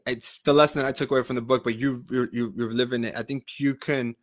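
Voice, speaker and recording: A man's voice: mid-range voice, fairly even intonation, quick pace. A man hosting an interview, talking earnestly and often repeating words as he starts a thought. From Spanish-speaking country. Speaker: podcast host. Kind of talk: conversational interview.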